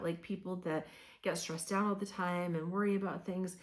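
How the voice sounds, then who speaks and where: A woman's voice: on the low side, fairly even intonation, moderate pace. A woman giving a casual tarot reading, talking in a loose conversational way with many fillers, encouraging the listener. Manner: encouraging, coaching tone. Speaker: tarot reader.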